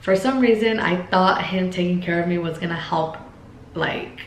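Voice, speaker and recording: A woman's voice: fairly low pitch, normal speed. A young woman telling a personal story to her viewers in a chatty vlog style, full of fillers and talking straight to the audience. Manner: chatty, many fillers, addresses viewers as guys. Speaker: vlogger. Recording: echoey room.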